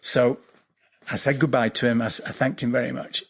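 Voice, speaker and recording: A man tells a story as a podcast guest, his middle-pitched voice gravelly with a husky edge. He swears freely, circles back over his words and slows down to draw out the tense moments. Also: little pitch movement. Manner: vivid, swearing storyteller who repeats words and restarts. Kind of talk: animated storytelling in a podcast interview.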